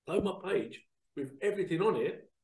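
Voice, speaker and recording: A man hosting a show, talking casually to viewers in a chatty, animated storytelling way that repeats phrases. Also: sits high, normal speed, far from the mic. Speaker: psychic reader and show host. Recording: roomy sound, away from the mic.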